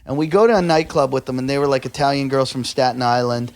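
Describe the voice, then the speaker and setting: A man's voice: mid-range voice, quick pace. A man who hosts a podcast, telling a story in casual chat, laughing through it as he goes. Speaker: podcast host.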